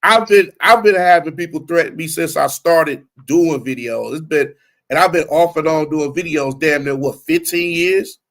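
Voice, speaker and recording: A man with a fairly high voice rants with heat and plenty of swearing. He talks to his guest in a loose, casual way and keeps the pressure up as he goes. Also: moderate pace. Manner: heated, profane ranting. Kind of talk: casual podcast chat.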